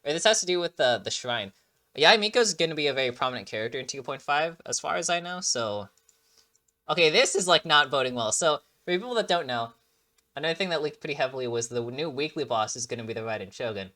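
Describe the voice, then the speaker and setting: A man casually chatting through a game trailer reaction, excitable and rambling with lots of fillers and restarts, sounding like he just woke up. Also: a little high, fast.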